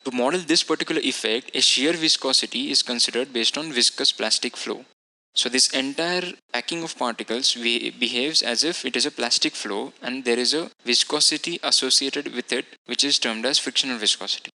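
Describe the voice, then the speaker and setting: A man narrating a technical software lecture, explaining each model setting in a methodical way and now and then correcting himself. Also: medium pitch, brisk, poor audio. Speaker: instructor.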